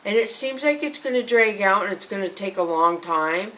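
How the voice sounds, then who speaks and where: Woman tarot reader, casual and earnest, reads cards aloud, mid-pitched. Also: animated, normal speed, fairly bright tone, poor audio. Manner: earnest, reads card texts aloud, with fillers. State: emotional, fighting tears at times. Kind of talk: casual tarot card reading.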